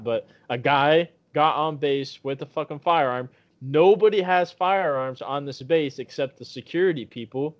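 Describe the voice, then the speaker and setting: A man co-hosting a podcast, telling a profane story and acting out the voices of the people in it. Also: mid-range voice. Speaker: podcast co-host. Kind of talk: casual storytelling chat. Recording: dull lo-fi podcast audio.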